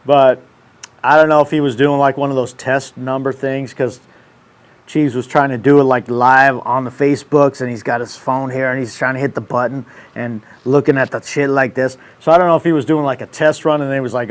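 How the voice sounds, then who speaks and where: A man's voice: medium pitch, steady tone, fairly quick. A man in his thirties hosting a casual livestream, ranting in brash, profane, slangy banter. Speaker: show host.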